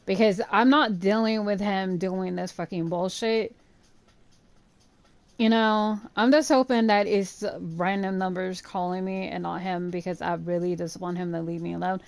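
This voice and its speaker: A woman chatting casually and telling a story while playing a game. She speaks in an animated way, swears freely and fills her speech with "like". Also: on the low side, normal speed, gravelly, no echo. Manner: chatty, profane, animated retelling with frequent "like". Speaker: gaming channel host. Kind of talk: casual storytelling over gameplay.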